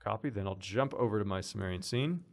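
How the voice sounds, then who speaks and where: A man casually walking through a software tutorial, explaining as he goes with fillers and restarts. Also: fairly low pitch, quick pace, vocal fry. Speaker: instructor. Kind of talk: screen-recorded software tutorial.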